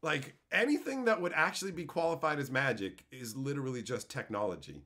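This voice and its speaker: A man's voice: mid-range voice, lively intonation, brisk, sharp tone. A man in his thirties hosting a live stream, ranting at his chat with crude, mock-angry banter. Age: 30s. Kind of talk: live stream chat while opening card packs.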